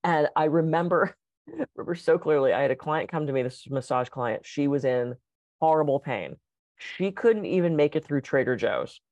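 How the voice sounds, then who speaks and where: A woman co-hosting a casual podcast chat as a coach, telling stories and acting out quotes with lively energy. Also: deep voice, moderate pace, no echo, highs cut off. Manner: animated storyteller, acts out quotes.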